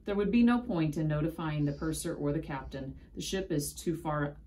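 A woman's voice: low voice, animated, normal speed, slight background noise. A woman voicing a stout, motherly ship's cook who coos and fusses over a child. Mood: cheerful, fussing. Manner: cooing, bright and fussing.

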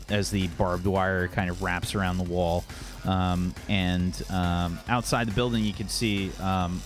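A man narrating as game master, halting often with fillers. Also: low-pitched.

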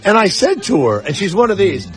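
A man's voice: high voice, sing-song, a little fast, faint music behind. A man hosting a talk radio show, telling stories in a brash, casual way and swearing freely. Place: radio studio.

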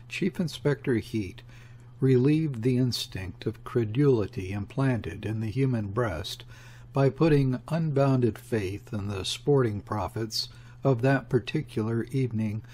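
Husky guy narrating an old novel, steady and unhurried, mid-pitched. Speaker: audiobook narrator. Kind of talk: measured literary narration.

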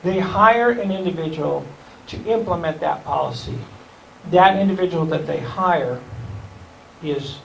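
A high-pitched man speaks loosely to a civic group, restarting phrases and chuckling. He sounds distant from the mic, with room echo and a faint hiss. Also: unhurried, gravelly. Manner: rambling, self-correcting, chuckling. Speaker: county school superintendent, guest speaker. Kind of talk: informal talk to a civic group. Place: meeting room.

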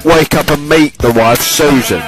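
A man's voice: fairly high pitch, measured pace, music in the background, natural voice. A man putting on a brash, boastful working-class Englishman with an English accent, talking in a cocky sing-song. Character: brash working-class English bloke showing off his day.

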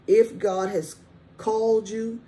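A woman's voice: fairly high pitch, level tone, slow, mellow, a little hiss or hum. A middle-aged woman teaching the Bible in a casual, earnest way, often breaking in with praise and checking in with her listeners. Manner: earnest, exclaims "thank you, Jesus" often; conversational, with frequent "okay?". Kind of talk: informal Bible study teaching.

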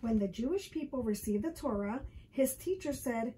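A woman teacher reading a storybook aloud to children, expressive and asking them questions. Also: on the high side, normal speed, few pauses, a little hiss or hum. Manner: expressive, asks the listener questions. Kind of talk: storybook read-aloud lesson.

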